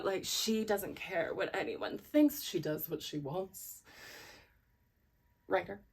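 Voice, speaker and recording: A woman's voice: mid-range voice, slightly rough. A woman host chatting through a casual book review, rambling with lots of "like" and "you know" and apologizing for herself along the way. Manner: self-deprecating and apologetic asides. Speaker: book vlogger.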